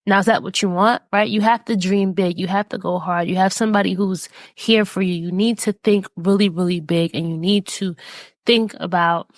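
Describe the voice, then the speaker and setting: A woman hosts her own podcast and shares lessons in an earnest, encouraging way. Her pitch sits in the middle range. The sound is close and dry, with no room around her. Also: fairly even intonation, moderate pace, no room sound. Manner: earnest, encouraging, with many fillers. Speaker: podcast host. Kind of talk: reflective personal talk.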